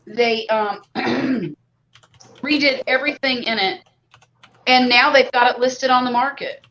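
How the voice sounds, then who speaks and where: Casting note: mid-pitched woman, blunt and emphatic, muffled audio. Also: unhurried, a bit bright. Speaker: co-host. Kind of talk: casual chat. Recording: dull audio with faint background noise.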